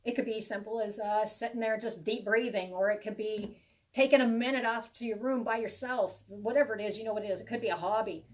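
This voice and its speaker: A woman's voice: mid-range voice, steady tone, brisk, distant mic. A woman giving a live tarot reading to viewers, chatty and reassuring, rambling with many restarts. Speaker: tarot reader.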